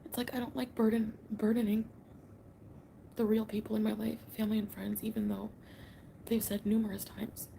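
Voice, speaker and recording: A tearful woman rambling softly in a late-night livestream from her home, often half-whispering. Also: medium pitch, flat delivery, a little fast, creaky, slight background noise, poor audio. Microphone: phone livestream.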